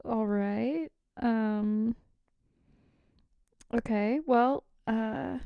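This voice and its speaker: A woman voicing a bored, dismissive nurse in a whispered role-play, flat and offhand. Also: fairly high pitch, extremely slow, gravelly, clean tone, dry recording, highs cut off, exaggerated voice.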